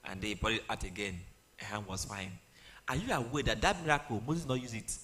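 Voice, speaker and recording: A man, retelling a Bible story in a humorous, animated sermon with pidgin asides. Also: on the low side, brisk. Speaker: preacher.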